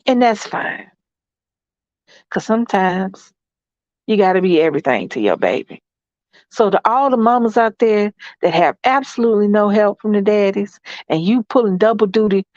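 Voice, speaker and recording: A middle-aged woman vlog host talks casually to the camera, lively and laughing with her viewers, using African American Vernacular grammar. Her medium-pitched voice is recorded dry, with no room sound and a dull lo-fi quality.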